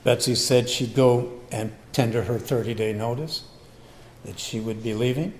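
An older man telling a personal testimony in an unhurried way, acting out remembered conversations. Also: medium pitch, fairly even intonation, slight background noise. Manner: unhurried, acts out remembered dialogue. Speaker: storyteller. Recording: long hall reverb, faint ambience.

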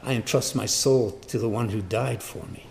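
A man preaching a sermon, repeating lines for emphasis and moving between quiet asides and loud bursts. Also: on the low side, normal speed, vocal fry, echoey room, a little hiss or hum. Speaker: pastor.

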